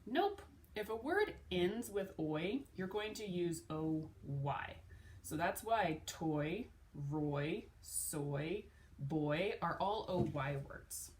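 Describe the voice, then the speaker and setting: A woman's voice: lowish voice, animated, a little mellow, far from the mic, a little hiss or hum. Patient woman teaching phonics. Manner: clear, patient, sounds out letters slowly. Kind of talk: phonics lesson for children.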